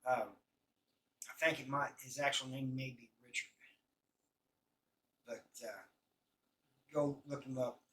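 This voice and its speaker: A man's voice: medium pitch, steady tone, fairly bright tone. Guy rambling thru a prison story, lots of uh and um, mic a bit far off. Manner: rambling, halting, many fillers and restarts. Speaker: host telling prison stories. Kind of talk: casual storytelling.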